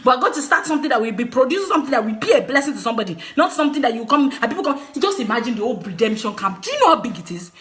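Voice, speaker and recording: A woman's voice: fairly high pitch, very animated, rapid-fire, few pauses. A woman with a Nigerian accent talking straight to her viewers in a passionate, scolding rant, often laughing through her words. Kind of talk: passionate direct-to-camera rant.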